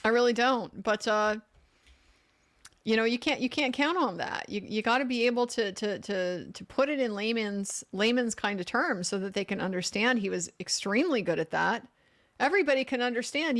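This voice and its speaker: Woman, middle-aged, live legal commentary, opinionated, slightly high voice, casual. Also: normal speed, fairly bright tone. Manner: frank, opinionated, talks with frequent restarts and laughs. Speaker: legal commentator hosting a livestream.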